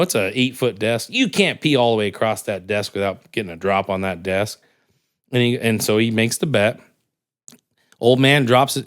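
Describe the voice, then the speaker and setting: A young man from California, a podcast guest, telling a long joke and personal stories in casual chat, his voice leaping up when he quotes characters. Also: clear, resonant tone. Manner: animated, jumps high for quoted characters.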